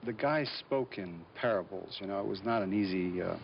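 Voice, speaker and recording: A man being interviewed as an actor, telling stories in a relaxed, rambling way with lots of fillers and restarts. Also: low-pitched, brisk, gravelly. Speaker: actor guest. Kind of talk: casual anecdotal interview talk. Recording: dull lo-fi recording with faint hiss.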